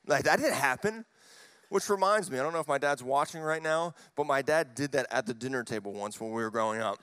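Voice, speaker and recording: A man preaching a sermon as pastor, telling family stories and swinging between hushed and loud, animated delivery. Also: fairly high pitch, fairly quick, clean tone, dry recording.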